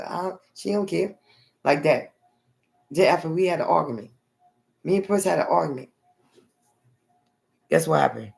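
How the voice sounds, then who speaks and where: A woman's voice: sits low, moderate pace, gravelly, pauses often, darkish tone. A woman vlogger telling a long personal story in a rambling, blunt way, often adding okay and honey.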